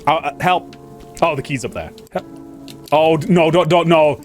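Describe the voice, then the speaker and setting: Excitable guy chatting over a game, laughs a lot, fairly high voice. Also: normal speed, soft background music. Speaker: gaming channel host. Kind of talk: casual gameplay commentary.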